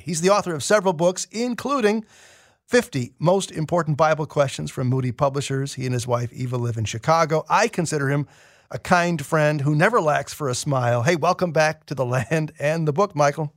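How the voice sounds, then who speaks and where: Higher-voiced male radio host. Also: lively intonation, brisk, no room sound, clean studio sound. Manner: friendly, conversational questioning. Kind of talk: radio interview.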